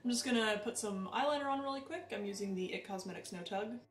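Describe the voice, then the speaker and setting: A chatty woman talks through her makeup routine in a lively, self-deprecating way. She sounds a little far from the camera mic in an echoey room at home. Faint music plays behind her. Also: mid-range voice, quick pace. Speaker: beauty vlogger. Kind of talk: casual makeup tutorial chat.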